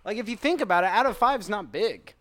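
A fairly high-voiced man in loose, animated podcast banter about games. He swears a lot and laughs through his rants. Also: fairly quick. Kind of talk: casual chat about video games.

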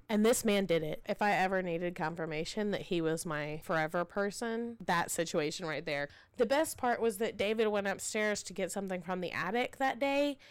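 On a dry recording, a mother in her thirties shares a story as a podcast co-host, her smooth, medium-pitched voice lively as she performs the quotes in a relaxed storytelling chat.

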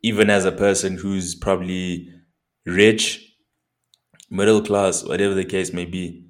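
A man's voice: low voice, level tone, measured pace. A young South African man with a South African accent, chatting casually as a podcast co-host, laid-back and slangy with plenty of swearing. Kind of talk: casual chat.

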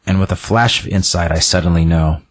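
A man voicing a weary, disillusioned male priest, reading the lines plainly in his own low, husky voice. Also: fairly quick. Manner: plain read-aloud delivery, slight stumbles.

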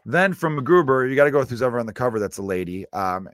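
A man's voice: mid-range voice, lively intonation, quick pace, a bit bright, no room sound, clean studio sound. An American man hosting his podcast, talking in a rambling, self-deprecating comedic monologue with plenty of swearing. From United States. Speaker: podcast host.

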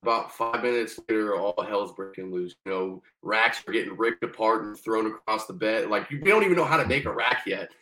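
A man's voice: fairly low pitch, a little fast, hardly any pauses, poor audio. A young man, a former Marine guest on a podcast, telling his story casually and profanely, acting out the people he quotes. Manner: profane, animated, acts out quoted dialogue.

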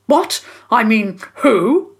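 A woman's voice: medium pitch, animated, unhurried, fairly bright tone, slightly rough, full character voice. A woman voicing a flustered, guilty middle-aged man who splutters and sighs as he confesses, in a children's story. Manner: spluttering, apologetic, sighing.

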